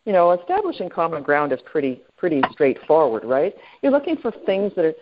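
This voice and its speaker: A woman with a lowish voice coaches a group on a conference call, talking loosely with plenty of fillers and checking in with her listeners. Her voice comes through a tinny, phone-like line. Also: huge pitch swings, brisk, background noise. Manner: chatty, with many fillers and friendly questions to the group. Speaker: sales trainer leading a group call.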